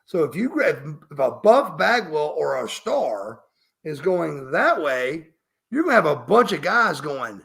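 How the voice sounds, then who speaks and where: A man's voice: fairly high pitch, sing-song, unhurried, vocal fry, fairly bright tone. A middle-aged man, emphatic and profane, telling a story as a podcast guest. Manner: emphatic, profane, refers to himself by name. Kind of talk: storytelling interview.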